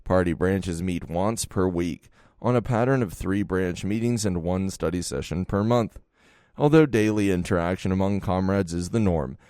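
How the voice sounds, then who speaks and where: A man narrating a nonfiction audiobook in a steady, measured reading voice. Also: deep voice, clear, resonant tone, no echo, clean studio sound.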